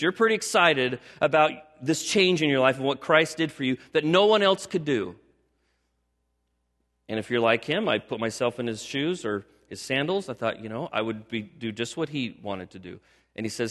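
An older man, a pastor, preaching a sermon with animated storytelling that builds to emphatic exhortation. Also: medium pitch, normal speed, in a large hall.

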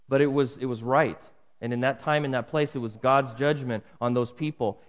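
A man preaching a sermon earnestly, swinging his pitch and loudness for emphasis. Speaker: pastor. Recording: muffled with long hall reverb.

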